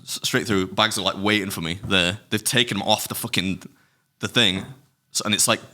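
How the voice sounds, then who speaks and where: A man's voice: lowish voice, steady tone, moderate pace, sharp tone. A middle-aged man co-hosting a podcast, telling rambling anecdotes with plenty of swearing and laughs. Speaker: podcast co-host. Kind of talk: casual chat, storytelling.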